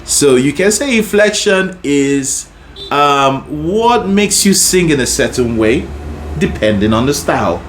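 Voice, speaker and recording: A man's voice: fairly high pitch, lively intonation, a little slow, a little hiss or hum. A man teaching a singing lesson, explaining techniques and breaking into short sung demonstrations, often checking in with "right?". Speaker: vocal coach.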